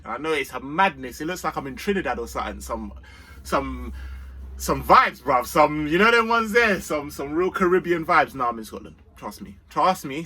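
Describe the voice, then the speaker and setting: Slangy, lively football fan vlogger. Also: male voice, fairly high pitch, breathy edge. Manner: London street slang, energetic and chatty. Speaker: football fan channel host. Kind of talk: casual fan match preview vlog. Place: outdoors in sunshine.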